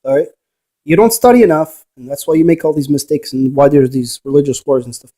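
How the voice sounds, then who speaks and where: In a mellow voice on the high side, a paranormal investigator talks a little fast. His monologue wanders and lectures, and he keeps posing rhetorical questions to dispute with the viewer.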